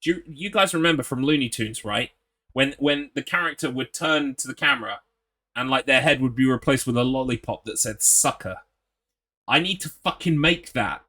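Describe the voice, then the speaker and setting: A man's voice: medium pitch, a little fast, bright, forceful tone. Sweary, sarcastic male streamer. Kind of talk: casual gameplay commentary.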